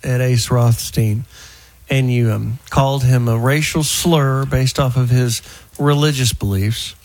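A man's voice: medium pitch, steady tone, a little slow, darkish tone. A man hosting a call-in radio talk show, chatting loosely with callers and guests, often restarting his sentences. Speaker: radio host.

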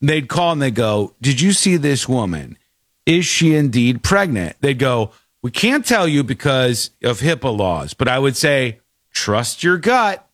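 A man's voice: mid-range voice, big pitch swings, measured pace, no echo, studio quality. A man telling a story in casual chat, acting out the people in it with shifting voices. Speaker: podcast host.

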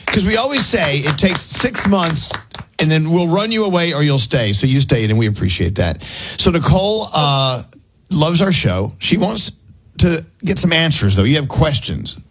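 Man, middle-aged, radio host, husky, chatty, laughs easily, studio. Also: a little high, very animated, normal speed, a bit bright, low-quality recording. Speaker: radio morning show host. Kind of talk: casual radio chat.

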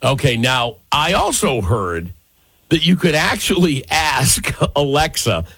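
A man's voice: mid-range voice, big pitch swings, slow, creaky, fairly bright tone, husky, dry recording. Radio host guy, chatty and teasing, voice swings up and down a lot, dry studio sound. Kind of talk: casual radio chat.

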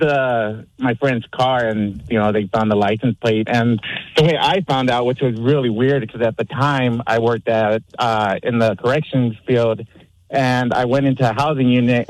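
A man's voice: medium pitch, darkish tone, no echo, rough recording. A man calling into a radio show, telling an anecdote in a laid-back, matter-of-fact way. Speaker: caller.

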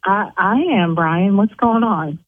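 A woman who owns an eyelash salon, arguing indignantly on a phone call, her voice climbing high when she gets angry. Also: measured pace, no echo. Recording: tinny phone line.

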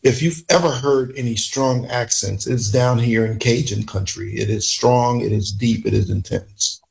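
A man's voice: medium pitch, normal speed, vocal fry, darkish tone, rough recording. A man from northern Louisiana co-hosting a morning talk radio show, chatting casually from a studio microphone.

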